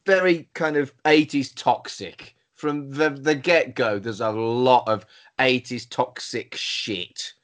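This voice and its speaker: A man's voice: medium pitch, steady tone, slow, fairly bright tone. A British man co-hosting a podcast, chatting casually with sweary, sardonic remarks. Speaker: podcast co-host. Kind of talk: casual film chat.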